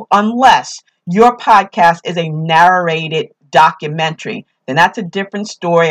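A woman with a New York accent hosting a podcast, giving casual tips in an upbeat, emphatic way and repeating her key phrases. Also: mid-range voice. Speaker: podcast host.

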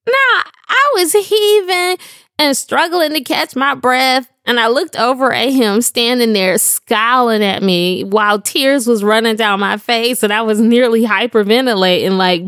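A woman's voice: a little high, a little slow, a bit bright, no room sound, studio quality. A middle-aged woman telling a humorous devotional story in a slangy, playful way, often laughing. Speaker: devotional speaker.

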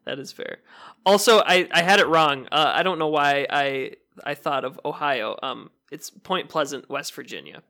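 A man's voice: fairly high pitch, normal speed, pushed and bright. A man from Michigan co-hosting a casual podcast chat, talking with many fillers and restarts. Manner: hesitant, lots of fillers and restarts. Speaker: podcast co-host.

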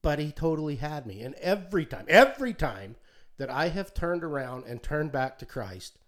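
Man, thirties, emotional testimony, halting, choked up, folksy. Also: a little high, lively intonation. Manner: halting, many restarts, gets choked up, folksy. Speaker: podcast co-host sharing testimony. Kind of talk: emotional personal testimony, sermon-like. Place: alone at home.

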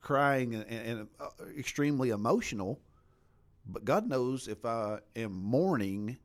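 A man's voice: medium pitch, animated, measured pace. A man in a casual faith discussion, speaking steadily and affirmingly with small stumbles. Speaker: discussion partner.

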